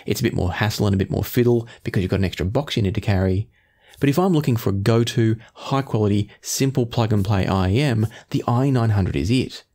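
A man reviewing earphones in measured talk, often qualifying his claims. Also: lowish voice, warm tone. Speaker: audio gear reviewer.

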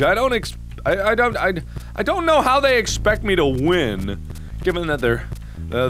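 Guy doing a horror let's play, freaks out and yells a lot, voice jumps all over, pretty high. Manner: excitable, panicky, often yelling; self-mocking, talks to himself. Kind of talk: horror game commentary.

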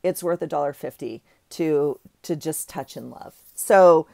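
Sitting low with a warm, creaky tone, this craft vlogger speaks at a measured pace. A middle-aged woman, she gushes and rambles through a casual haul chat, interrupting herself mid-sentence, in studio-quality audio with no echo.

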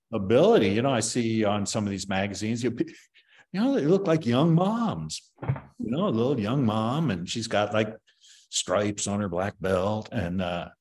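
An older man in his seventies talks with a fairly low voice. He is a martial arts master being interviewed. His opinionated answers ramble and are full of fillers and restarts. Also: darkish tone.

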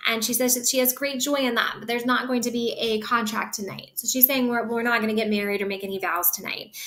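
A woman's voice: a little high, steady tone, fast talker, a bit bright. A woman teaching, explaining a play line by line in a casual way, full of "like" and "um". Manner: casual, fills with "like" and "um".

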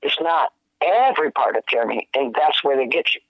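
A man, a guest musician, telling stories in casual chat, animated and slangy, laughing often. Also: medium pitch, brisk, breathy edge, no echo. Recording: dry, tinny phone-like sound.

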